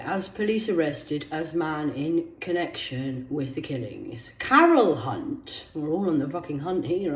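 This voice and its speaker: A woman's voice: on the low side, a little mellow. Swearing woman vlogger in an echoey room. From United Kingdom. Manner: swears a lot, drops into whispers, laughs between stories. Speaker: vlogger reading news stories. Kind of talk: casual news commentary.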